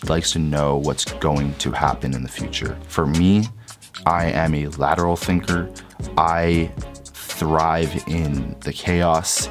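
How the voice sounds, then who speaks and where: A young man casually and candidly recounting a personal story as a vlogger, his voice trailing softer at the ends of sentences. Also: very deep voice. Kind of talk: reflective storytelling.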